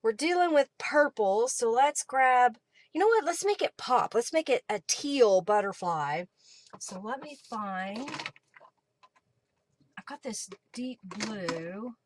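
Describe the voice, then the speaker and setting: This craft livestream host has a fairly high, animated voice and speaks slowly, with slight noise behind her. Working at her craft table, she keeps up a casual, chatty patter, thinking out loud and replying to viewer comments as they come in.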